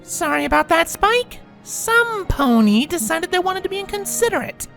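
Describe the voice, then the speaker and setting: A woman's voice: high voice, wildly swooping pitch, normal speed, soft background music, voice pushed up. Woman voicing a prim bookish young mare. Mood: plain. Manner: prim, precise, a bit impatient. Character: young female unicorn, prim, bookish, exasperated. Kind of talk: fan fiction reading.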